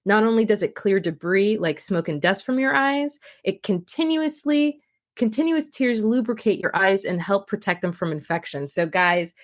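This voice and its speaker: A woman with a medium-pitched voice co-hosts a podcast as a mental health professional, chatting casually and emphatically, teasing, and briskly reading out a list of facts.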